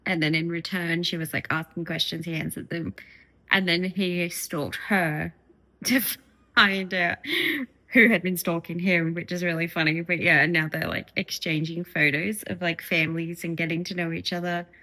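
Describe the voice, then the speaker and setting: A woman's voice: fairly low pitch, steady tone, normal speed, bright, forceful tone, rough recording. A young woman chatting casually in a reading vlog, giggling often as she gushes over a romance book and reads bits aloud. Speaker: book vlogger.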